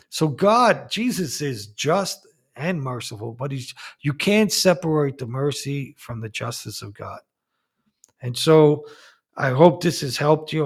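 A male priest gives a lively, preaching talk and keeps stressing his points. He often restarts his sentences as he tells his stories. His delivery rises and falls with the telling. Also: fairly high pitch. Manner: animated, emphatic, with frequent restarts. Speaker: Catholic priest, guest.

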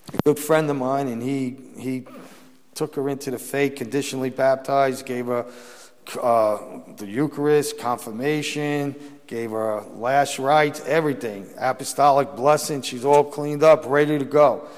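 A man's voice: mid-range voice, a little slow. A male priest preaches in a long-reverberating hall, his voice sitting in a middle register. He tells stories in a sermon style, rising into emphatic bursts and often restarting his phrases. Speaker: Catholic priest preaching a mission.

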